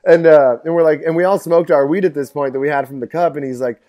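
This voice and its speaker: A man's voice: a little high, steady tone, fast talker, dark tone. Rambling profane young man storyteller. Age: 20s. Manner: rambling, heavy filler words, profane. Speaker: podcast guest. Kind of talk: casual storytelling.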